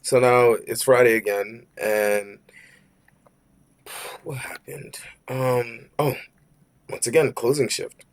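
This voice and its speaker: A man's voice: medium pitch, slow pace, pauses often. Young man ranting a slangy storytime. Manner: slangy and profane, says "bro" constantly; rambling, with many fillers and restarts. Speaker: vlogger telling a work story. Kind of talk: casual storytime rant.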